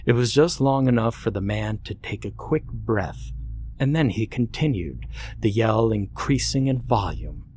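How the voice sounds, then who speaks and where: A man narrating a horror story in a measured, suspenseful way. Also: on the low side, expressive, darkish tone, a little hiss or hum.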